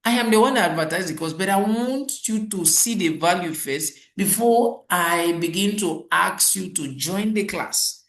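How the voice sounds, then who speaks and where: A man's voice: high-pitched, measured pace, few pauses, roomy sound, rough recording. A middle-aged man giving a customer service training lecture, telling stories and acting out quoted exchanges. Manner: animated storytelling, acts out quoted exchanges.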